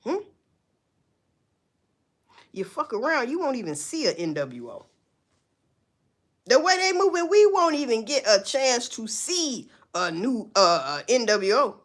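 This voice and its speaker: Animated, profane woman ranting on a livestream. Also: on the high side, measured pace, pauses often. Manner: blunt, profane, animated ranting with rhetorical questions. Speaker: livestream host. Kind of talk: casual livestream commentary.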